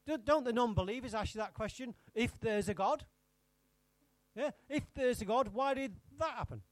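A man's voice: very high-pitched, normal speed, no echo. A man preaching an interactive sermon, teasing his congregation by name and firing questions at them.

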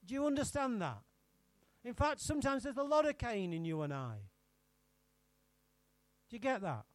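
A man's voice: extremely high pitch, sing-song, normal speed, no room sound. A man preaching an interactive sermon, teasing his congregation by name and firing questions at them.

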